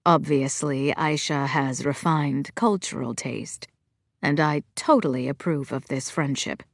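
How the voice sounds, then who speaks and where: A woman reading an audiobook, voicing a gentle middle-aged father who speaks softly and calmly. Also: sits low, gravelly, no echo, clean studio sound, voice pushed down, heavily acted. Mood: playful. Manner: soft, calm, measured. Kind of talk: audiobook character voice.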